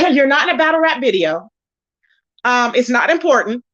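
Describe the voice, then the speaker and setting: On her casual gossip livestream, a female YouTube commentator talks at a normal pace in a high, expressive, slightly bright voice. Her manner is sassy and emphatic, with frequent raised-voice impressions of other people. It's recorded with dull lo-fi sound.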